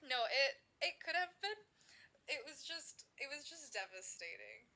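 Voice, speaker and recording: Bubbly twenty-something woman rambling to her stream, bright slightly high voice, lots of "like". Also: big pitch swings, a little slow. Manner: bubbly and rambling, heavy filler use. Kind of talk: casual livestream chat.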